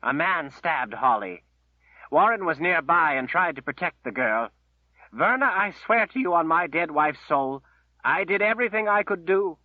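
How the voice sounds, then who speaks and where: A man's voice: on the high side, sing-song, normal speed, no room sound, voice pushed up. Man playing a choked-up old wizard. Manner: choked with emotion. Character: old male wizard, protective, grieving. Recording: tinny phone-like line.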